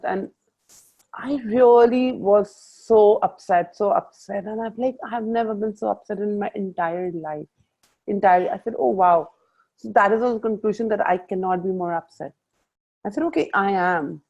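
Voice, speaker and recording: A woman coaches a group over a video call, her voice carrying a gravelly edge. She tells her stories with animation and quotes her own inner talk. The sound is muffled, as video-call audio often is. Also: medium pitch, normal speed, darkish tone.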